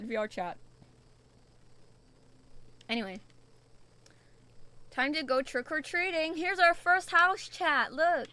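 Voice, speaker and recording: A woman's voice: sits high, measured pace, pauses often, a bit bright, no echo. A young woman from the UK streaming a spooky VR game, chatty and jumpy, swearing often as she reacts. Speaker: VTuber streamer.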